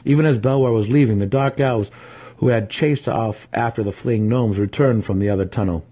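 A man reading a fantasy novel aloud, telling the story with steady drama. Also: lowish voice, normal speed, slightly rough. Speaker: audiobook reader.

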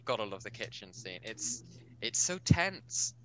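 A man's voice: fairly low pitch, sing-song, a little slow, pushed and bright, rough recording. A young man chatting casually on a podcast, rambling and eager. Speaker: podcast co-host.

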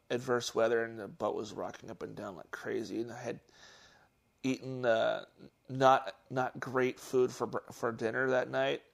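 A man casually telling a childhood story on a podcast, halting and restarting often. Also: mid-range voice, gravelly. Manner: halting, with many restarts and fillers; gets animated at the story's peak. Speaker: podcast host.

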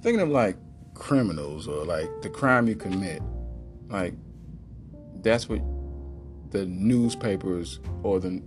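A man's voice: deep voice, expressive, takes it slowly, pauses often, soft background music. A man hosting a podcast, telling a rambling, joking comedic monologue and slipping into silly voices. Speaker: podcast host.

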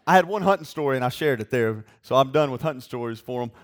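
A young adult man preaching a sermon in a folksy storytelling way, building to excited shouts. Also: medium pitch, fast. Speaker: youth pastor preaching.

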